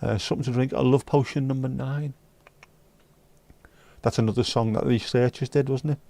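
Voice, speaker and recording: A man chats and jokes with his live stream viewers in a loose, bantering way. His voice is mellow and relaxed, recorded close and dry. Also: medium pitch, normal speed, vocal fry, dry recording. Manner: chatty, joking, banters with chat and sings snatches. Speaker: livestream host reading chat. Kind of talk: casual chat.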